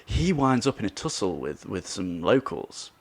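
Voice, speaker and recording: Male podcaster, lower register, loose chatty storyteller who goes quiet at the grim bits. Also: sing-song, normal speed. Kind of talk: casual podcast chat.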